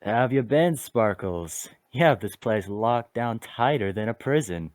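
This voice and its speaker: A man's voice: lowish voice, animated, measured pace, darkish tone, no room sound. Man voicing a sly female bat thief. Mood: teasing. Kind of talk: amateur fan voice acting.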